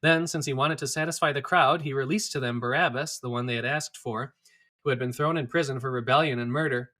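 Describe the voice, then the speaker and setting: Bright-voiced man reading scripture. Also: mid-range voice, steady tone, a little fast. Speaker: scripture reader.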